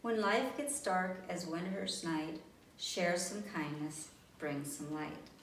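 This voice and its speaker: A woman's voice: fairly low pitch, slow pace. A woman voicing a kind, hopeful young female character, encouraging in tone, in a storybook reading. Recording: roomy, distant, faint background noise.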